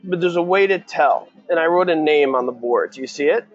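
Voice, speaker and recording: A man's voice: a little high, fairly quick, highs cut off. A man tutoring a student for a real estate exam in a casual question-and-answer session, quizzing and encouraging.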